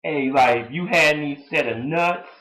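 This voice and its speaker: A man's voice: fairly high pitch, normal speed, pushed and bright, rough recording. A man playing a cocky trash-talking wrestler. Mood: taunting.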